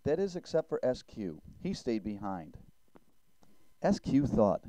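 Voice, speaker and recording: A man's voice: mid-range voice, big pitch swings, measured pace, long pauses, mellow, dry recording, low-quality recording. A man telling a storybook tale. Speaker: narrator. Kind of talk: children's story narration. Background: music.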